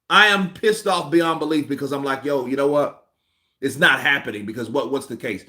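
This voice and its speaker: A man hosting a boxing commentary livestream, ranting excitedly and repeating himself as he thinks aloud. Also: medium pitch, a little fast.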